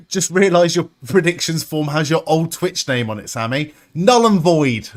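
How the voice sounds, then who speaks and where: A young man hosting a live wrestling watch-along stream, reacting excitedly, swearing freely and chatting with viewers. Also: fairly high pitch. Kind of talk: live reaction commentary and chat.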